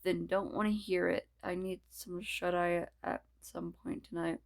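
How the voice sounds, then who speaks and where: Teasing gelatin boy, low and unhurried, read by a woman; halting, stumbling delivery. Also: fairly even intonation, creaky. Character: teasing male gelatin character, playful.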